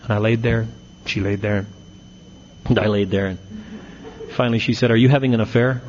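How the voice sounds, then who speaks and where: A man's voice: fairly low pitch, steady tone, a little fast, lo-fi sound, background noise. Man telling a humorous recovery story. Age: middle-aged. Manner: storytelling with punchlines, acts out quotes. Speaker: AA speaker.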